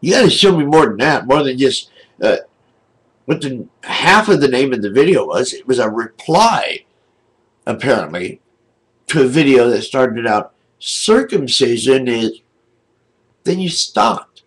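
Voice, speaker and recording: An older man ranting angrily to his camera from home, indignant and aggrieved, with a husky voice. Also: medium pitch, very animated, unhurried, poor audio. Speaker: video blogger. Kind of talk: angry webcam rant. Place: home, seated in a wheelchair.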